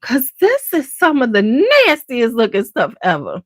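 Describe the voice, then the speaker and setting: A sassy woman with a Chicago accent chats casually to her viewers, her pitch leaping up and down with big expression. She talks slowly and takes her time. The recording is dry and close, with no room sound. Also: slightly rough, no room sound. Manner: animated, sassy, swings into high exaggerated quotes. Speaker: beauty channel host. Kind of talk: casual chat to camera.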